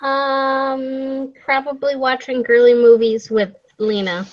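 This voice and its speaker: Slow, laid-back woman player. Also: high voice, little pitch movement, dull audio. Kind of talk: casual tabletop game chat.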